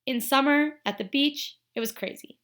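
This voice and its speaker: A woman's voice: high voice, moderate pace, fairly bright tone, pitched above the performer's own voice. A woman reading a casual, blunt teen girl. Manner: offhand, casual.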